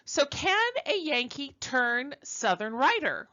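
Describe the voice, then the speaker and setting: A woman's voice: high-pitched, big pitch swings, slow, pushed and bright, lo-fi sound. A woman from Brooklyn giving a conversational recorded university lecture, chatty and self-deprecating, with frequent ums and uhs. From Brooklyn, New York.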